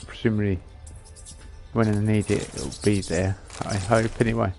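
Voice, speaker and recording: A man's voice: fairly low pitch, steady tone, moderate pace, vocal fry, a little mellow, soft background music. A man giving casual commentary on a game he plays, muttering and reading item descriptions aloud as he thinks it through. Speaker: gaming channel host.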